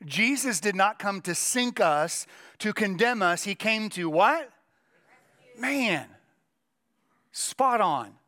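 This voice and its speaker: A middle-aged male pastor preaching a sermon with a strained, cracking voice, emphatic and slowing down to stress key lines. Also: high voice, lively intonation, bright, forceful tone. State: voice cracking, throat clearing.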